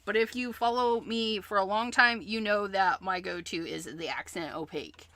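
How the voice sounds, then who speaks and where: A woman's voice: mid-range voice, moderate pace, sharp tone, no echo. A woman hosting a craft livestream, chatting casually as she explains each step she works on.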